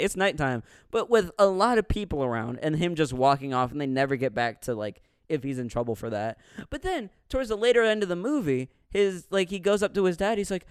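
A man in casual podcast chat, retelling a movie scene by scene and acting out the characters with sudden loud, swearing outbursts. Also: on the high side, clean tone, no echo, clean studio sound. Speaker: podcast co-host reviewing a movie.

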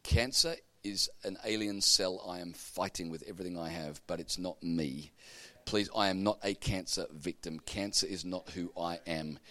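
A man voicing a gracious, resolute woman in a sermon story, speaking low, hushed and slow. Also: no echo. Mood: gentle, resolute.

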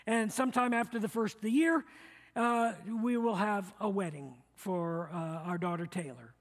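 A man's voice: high voice, moderate pace. A middle-aged male pastor preaching a sermon, earnest and repetitive, leading the congregation to repeat lines back to him. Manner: earnest, repeats phrases, leads the congregation in call-and-response. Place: church sanctuary. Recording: long reverb of a church hall.

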